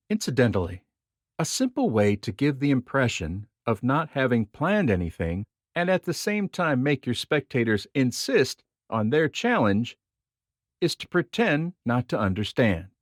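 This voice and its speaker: A man reads nonfiction aloud with a measured, expressive delivery. His intonation moves freely up and down over a middle-pitched voice. The recording is dry and close, with no room sound. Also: no echo. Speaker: reader of a magic theory book.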